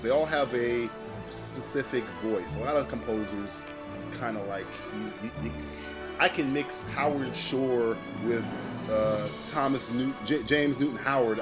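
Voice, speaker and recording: A man's voice: medium pitch, measured pace, music in the background. A man co-hosting a podcast in casual chat, rambling with frequent restarts, swearing and laughing often. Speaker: podcast co-host.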